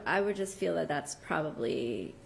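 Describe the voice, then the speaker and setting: Woman, gravelly fry in voice, hedging, repeats herself, faint hiss. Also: deep voice, expressive, moderate pace, low-quality recording. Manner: hesitant, hedging. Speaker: board member. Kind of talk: meeting discussion.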